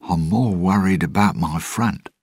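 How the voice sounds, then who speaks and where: A man voicing a nervous male pirate captain who forces a cheerful, louder tone. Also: low voice, measured pace, husky, no room sound, clean studio sound, voice pushed up, exaggerated voice. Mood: forced cheer. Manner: louder, raised, bright delivery. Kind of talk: audiobook storytelling.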